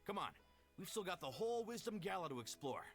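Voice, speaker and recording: A man's voice: high-pitched, sing-song, quick pace, fairly bright tone, soft background music, heavily acted. A man voicing a smug, teasing young male companion in a game. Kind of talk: game cutscene voice acting.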